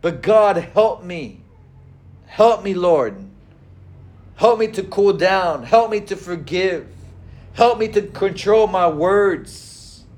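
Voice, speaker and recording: A middle-aged man preaching a sermon in a conversational way, with frequent fillers and pauses. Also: high voice. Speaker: pastor.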